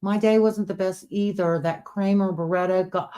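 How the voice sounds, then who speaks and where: A woman's voice: medium pitch, fairly even intonation, moderate pace, dark tone, muffled recording. A woman hosting a casual late-night livestream, whispering at times and chatting with viewers, her speech a little impeded by new partial teeth. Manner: whispering, chatty, reading viewer comments aloud. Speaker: livestream host. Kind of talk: casual live-stream chat.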